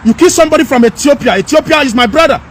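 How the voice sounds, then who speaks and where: A man's voice: very high-pitched, expressive, rapid-fire, slight background noise. A man from Nigeria with a Nigerian accent, speaking straight to his viewers in an emphatic, repetitive, angry rant, recorded outdoors. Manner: emphatic, repetitive, rising to anger. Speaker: commentator. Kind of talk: impassioned direct-to-camera rant.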